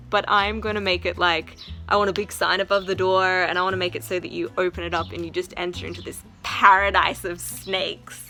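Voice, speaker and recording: Bright-voiced excited young woman vlogging. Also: on the low side. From South Africa or Australia. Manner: excited, giggly, rambling. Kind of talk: casual vlog chat.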